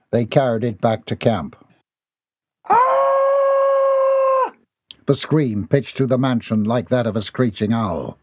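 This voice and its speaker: Male narrator, playful, dark husky tone, dry booth sound, for comic audiobook. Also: medium pitch, dry recording. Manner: expressive, playful storytelling.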